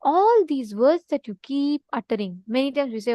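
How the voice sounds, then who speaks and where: Woman, spiritual teacher, earnest and repetitive; high voice, dry close sound. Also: expressive, normal speed, hardly any pauses, warm tone, dry recording. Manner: earnest, repetitive, prompts listeners to respond. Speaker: spiritual teacher in an online session. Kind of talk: spiritual talk to an online audience.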